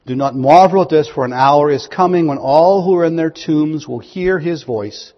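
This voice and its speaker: A man preaching a sermon, reading scripture aloud and asking his listeners questions, rising to loud, high proclamations. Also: normal speed. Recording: dull, long-echo hall recording.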